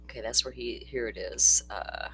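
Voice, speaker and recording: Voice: medium pitch, moderate pace, vocal fry, fairly bright tone, a little hiss or hum. Rambling livestream host. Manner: rambling, chatty, laughs often, swears casually. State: tired, yawning. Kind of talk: casual true-crime livestream chat.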